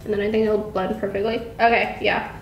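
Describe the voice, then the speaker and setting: A woman's voice: medium pitch, a little fast, vocal fry, reverberant, a little hiss or hum, low-quality recording. A young woman, a guest youtuber, doing her friend's makeup while teasing and laughing. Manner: excitable, teasing, bursts into laughter. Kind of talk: casual chat.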